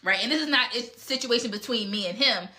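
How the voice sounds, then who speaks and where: Woman host, frank and direct, bright forceful tone, live casual Q&A. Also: on the high side, quick pace. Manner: frank and blunt, with mild cursing. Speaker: speaker answering audience questions.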